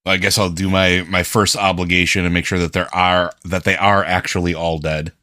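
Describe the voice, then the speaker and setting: A man's voice: low-pitched, level tone, normal speed, bright, forceful tone, dry recording. A man playing a tabletop game in a dry, matter-of-fact way. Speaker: player. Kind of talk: tabletop game role-play.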